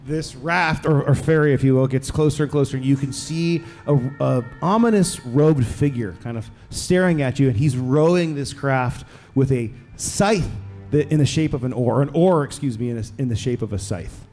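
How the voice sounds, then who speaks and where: A man narrating a live tabletop game as game master, playful and quick to joke, sometimes stumbling over his words. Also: mid-range voice, a little mellow, soft background music.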